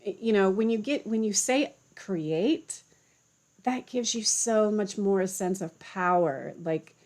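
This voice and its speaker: A woman's voice: medium pitch, slow pace. A young woman giving a casual, chatty spiritual talk to camera, full of fillers like "you know" and "like". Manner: relaxed and chatty, many fillers. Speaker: spiritual teacher.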